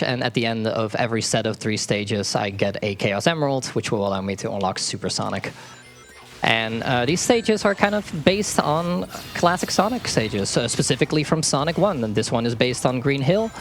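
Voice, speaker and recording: A man casually explaining his game as he plays it live, laughing often and tripping over words. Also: mid-range voice. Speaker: speedrunner. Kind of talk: live speedrun commentary. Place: marathon event stage. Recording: faint game music behind. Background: faint game music.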